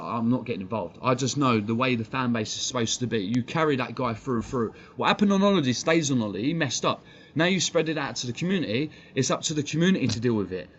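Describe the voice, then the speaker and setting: A man with an English accent, worked up and swearing freely as he rants to his live-stream chat. His voice sits at an ordinary middle pitch. The stream audio sounds dull and lo-fi, with faint noise behind him. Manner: blunt, profane, worked-up, talking to chat. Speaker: fan channel streamer. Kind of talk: heated live-stream rant.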